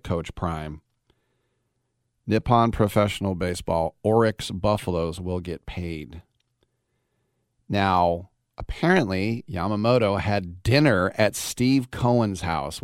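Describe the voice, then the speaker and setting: A man's voice: fairly low pitch, clear, resonant tone, no room sound, clean studio sound. A man hosting a sports talk radio show, rambling in a brash, casual way and firing off rhetorical questions.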